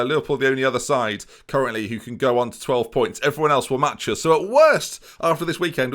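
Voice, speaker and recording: A man's voice: medium pitch, fairly bright tone. A young man giving playful, jokey let's play commentary, constantly talking to his viewers as a gaming YouTuber.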